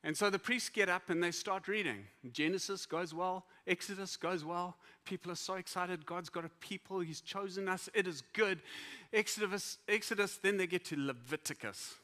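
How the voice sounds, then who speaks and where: A man preaching a sermon to a congregation, conversational and humorous, with lively repetitions. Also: on the high side. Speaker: pastor. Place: church hall before a congregation.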